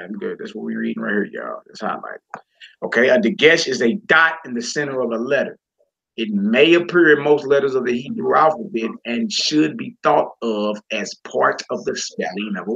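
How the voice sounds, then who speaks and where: A man's voice: mid-range voice, expressive, moderate pace, gravelly, a bit bright, breathy edge, muffled recording. A man teaching a class from a Hebrew textbook, reading passages aloud and explaining them with casual, folksy asides to the listeners.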